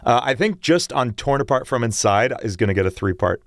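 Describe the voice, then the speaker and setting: A man's voice: mid-range voice, animated, brisk, dry recording, clean studio sound. A man chatting casually with viewers on a livestream, talking eagerly about singing and voice technique. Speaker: streamer and singer.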